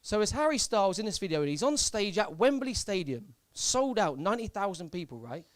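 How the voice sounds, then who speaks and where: A young man from Southampton, doing stand-up on a club stage. He talks in a fairly high, very lively voice, deadpan and halting, and he repeats his lines. The sound is close and dry through a handheld mic. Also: no room sound. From Southampton, England. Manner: deadpan, hesitant delivery with many fillers and repeats. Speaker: stand-up comedian. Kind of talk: live stand-up set.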